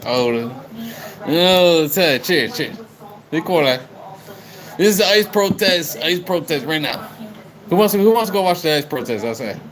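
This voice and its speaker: A man's voice: fairly high pitch, lively intonation, moderate pace, long pauses, fairly bright tone, low-quality recording. A young man livestreaming, chatting loosely with viewers, calling them by name, rambling and swearing a lot. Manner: rowdy, repetitive, swears a lot.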